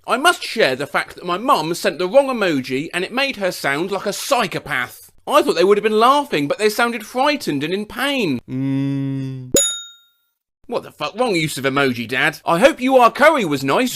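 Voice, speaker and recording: Male comedy host, high and lively voice, deadpan reader of funny texts with sudden jumps. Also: moderate pace. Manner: deadpan delivery with sudden jumps in pitch and loudness. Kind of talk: reading funny texts and posts aloud.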